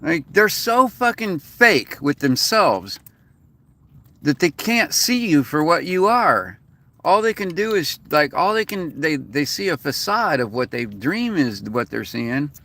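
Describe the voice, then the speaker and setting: A man's voice: on the high side, very animated, unhurried, pushed and bright. A man venting in a rambling, profane, casual rant as a vlogger. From United States.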